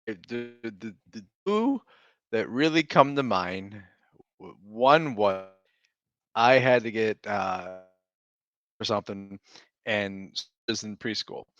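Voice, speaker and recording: A man's voice: lowish voice, expressive, slow pace, pauses often, a bit bright, lo-fi sound. A man in his thirties, a stay-at-home dad co-hosting a podcast, telling a long rambling story in casual chat with restarts and laughs.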